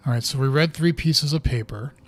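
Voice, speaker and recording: A man's voice: a little high, a little fast. A man giving casual let's-play commentary on a horror video game, thinking aloud and muttering as he reads in-game notes. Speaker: gamer playing through a horror video game.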